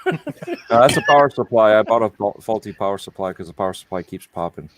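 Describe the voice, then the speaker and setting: A man's voice: fairly low pitch, animated, fast, noisy background. A man co-hosting a casual gaming chat, matter-of-fact and insistent about his points. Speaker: podcast co-host.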